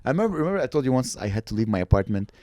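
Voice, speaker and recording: A man's voice: medium pitch, big pitch swings, rapid-fire, dark tone, dry recording, studio quality. A man from Canada co-hosting a comedy podcast, chatting casually in a rambling, irreverent, joking way. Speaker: podcast co-host.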